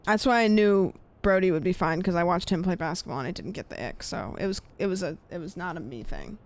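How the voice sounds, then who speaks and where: A young woman streamer chatting casually while gaming, rambling with lots of fillers and trailing off quietly. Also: on the low side, animated, fairly quick.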